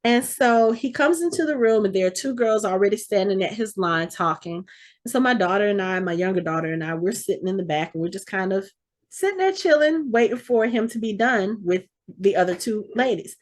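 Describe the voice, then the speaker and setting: A woman's voice: mid-range voice, animated, a little fast. A woman in her forties co-hosts a casual podcast chat. She tells her stories with energy and acts out each person she quotes, her voice sitting in a middle range. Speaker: podcast co-host.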